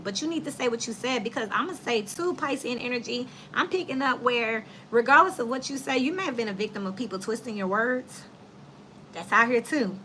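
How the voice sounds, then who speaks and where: A woman's voice: a little high, pushed and bright, slight background noise. A woman with children doing a casual tarot reading for her viewers, talking bluntly and animatedly in slang and laughing often. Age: adult with children. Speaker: tarot reader.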